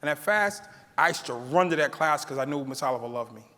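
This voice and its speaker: Talking fast in a slightly high voice, a middle-aged man gives a keynote about his life, animatedly voicing the people he quotes and laughing from time to time. A large hall's long echo trails the sound.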